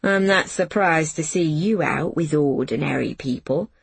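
A woman's voice: low voice, moderate pace, vocal fry, breathy edge, dry recording, heavily acted. A woman voicing a disdainful neighbor mother in a storybook. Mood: scornful.

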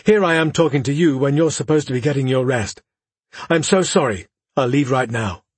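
A man voicing a chubby, timid male chamberlain who talks in a squeaky, stuttering, pleading way. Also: fairly quick, breathy edge, no room sound, lightly acted. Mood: apologetic.

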